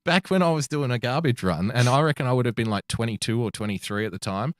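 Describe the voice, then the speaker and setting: A man's voice: medium pitch, animated, fast talker, no echo, clean studio sound. Profane man telling a story. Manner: profane, rambling anecdotal storytelling. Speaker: podcast co-host. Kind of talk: casual storytelling chat.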